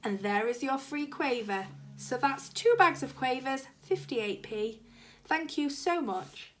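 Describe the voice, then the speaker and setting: A woman's voice: sits high, animated, takes it slowly, fairly bright tone, pitched above the performer's own voice, exaggerated voice. A woman reading aloud, voicing a cheerful adult male shopkeeper pleased with his special offer. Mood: delighted. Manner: delighted, eager salesman. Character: cheerful adult male corner-shop owner.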